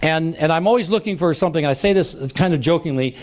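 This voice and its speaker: A fast-talking sales trainer with a voice on the high side addresses a live seminar audience. He acts out the exchanges he describes and keeps checking in with the people listening.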